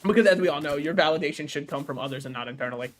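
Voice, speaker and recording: A man's voice: a little high, racing, fairly bright tone. A young man streaming a game, joking and rambling casually and laughing at his own jokes. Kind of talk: casual gaming stream chat.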